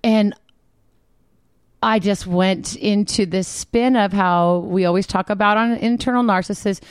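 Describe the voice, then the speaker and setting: An excitable woman host chatting casually, her voice landing at an ordinary middle pitch. She laughs easily and gets openly emotional. The recording is dry and close, with no room sound. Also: unhurried, clear, resonant tone, no room sound. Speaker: podcast host. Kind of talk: casual chat.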